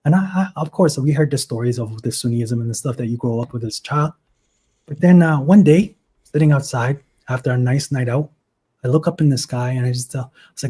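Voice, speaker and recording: A man's voice: medium pitch, brisk, mellow, husky. A man in his twenties on a video call, telling his story earnestly and with emotion in a casual livestream chat. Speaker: guest.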